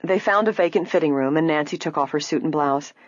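Husky low-voiced woman narrator. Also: a little fast, dry recording, lo-fi sound. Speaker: audiobook narrator. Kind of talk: scripted narration.

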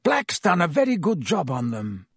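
A man's voice: a little high, huge pitch swings, moderate pace, creaky, slightly rough, no room sound, clean studio sound, voice pushed up, heavily acted. A man reading aloud and voicing a cold, spiteful male schoolmaster who sneers and snarls. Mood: sneering.

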